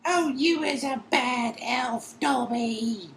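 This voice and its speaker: A man voicing a tearful, loyal female house-elf with a shrill, very high voice and broken grammar, in a roomy-sounding recording. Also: takes it slowly, fairly bright tone, a little hiss or hum, full character voice. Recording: roomy echo.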